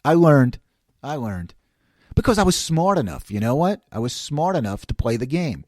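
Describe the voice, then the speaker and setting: Animated New York man telling stories. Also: mid-range voice, moderate pace, dry recording, clean studio sound. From New York City area. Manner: animated, acts out quoted voices, laughs often. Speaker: podcast host. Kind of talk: casual storytelling monologue.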